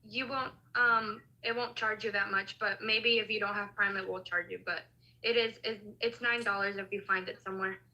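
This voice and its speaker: A woman's voice: mid-range voice, steady tone, moderate pace, pushed and bright, highs cut off. A woman on a video call speaking in a polite, hesitant way. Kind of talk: casual chat.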